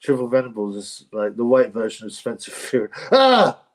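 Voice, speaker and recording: A man's voice: lowish voice, fairly even intonation, fairly quick, mellow. A man hosting a casual livestream, reading out viewer comments in a chatty, rambling way and laughing often. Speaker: livestream host.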